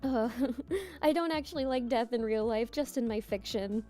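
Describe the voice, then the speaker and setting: A young woman streaming a visual novel, reading narration aloud softly and chatting with giggles in between. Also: fairly high pitch, lively intonation, normal speed. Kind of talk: reading a game aloud with casual commentary. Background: game music.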